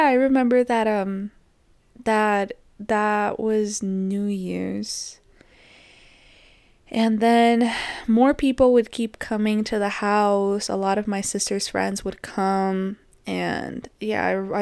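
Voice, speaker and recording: A woman's voice: mid-range voice, creaky, clean tone, no echo. Dry-voiced woman recalling family memories. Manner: reflective, gently hesitant. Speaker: podcast host. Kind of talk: personal storytelling.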